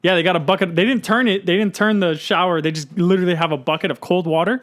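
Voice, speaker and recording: A man's voice: high voice, steady tone, quick pace, fairly bright tone. A young man co-hosting a podcast, telling stories in a laid-back way, swearing often and laughing as he goes. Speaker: podcast co-host. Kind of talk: casual storytelling chat.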